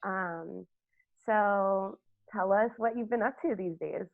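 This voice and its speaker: A woman's voice: medium pitch, slow pace, vocal fry, no echo. A woman hosting a podcast interview in casual chat, gushing and rambling with lots of fillers. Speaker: podcast host. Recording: dry, tinny phone-like line.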